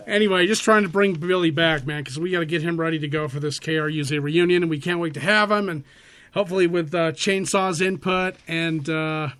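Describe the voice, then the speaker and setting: A middle-aged man hosting a radio show in loose, rambling casual banter, quick to laugh. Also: a little high, steady tone, pushed and bright.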